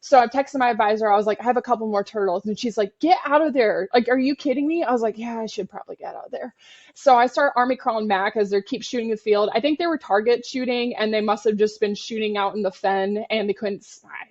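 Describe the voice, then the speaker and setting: A woman co-host recounts her field adventures in a casual, animated way, blunt and unafraid to swear. Her voice sits at a middle pitch. The recording is slightly dull and lo-fi. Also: quick pace. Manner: animated, frank, swears freely. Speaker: podcast co-host, turtle biologist. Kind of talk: casual storytelling.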